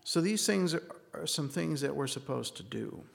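A fairly high-pitched man with a gravelly edge gives an earnest sermon, telling a story and acting out its dialogue. His voice rings with the long reverb of a large hall. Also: animated, moderate pace. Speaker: speaker giving a church talk.

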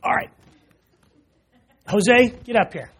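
A man's voice: high-pitched, takes it slowly, slightly rough, some chatter behind. A man preaching a sermon in church, talking casually and joking with the congregation. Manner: conversational, jokes with the congregation, frequent "you know".

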